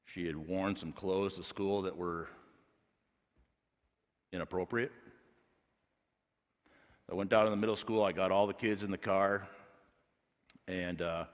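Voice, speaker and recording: A man preaching a sermon as a pastor, telling a personal story and building to loud, emphatic points. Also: sits low, fairly even intonation, unhurried, long pauses. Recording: long reverb of a large hall.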